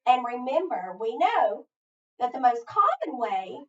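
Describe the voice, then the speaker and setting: A woman teacher giving a phonics lesson, thinking aloud step by step and pausing so listeners can finish her sentences. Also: on the high side, big pitch swings, a bit bright. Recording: echoey, distant, dull sound.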